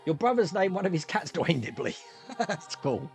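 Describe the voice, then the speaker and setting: A man hosting a live-streamed pub quiz, jokey and quick to laugh as he reads out multiple-choice options. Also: high voice, very animated, gravelly, a little mellow, faint music behind. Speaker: quiz host.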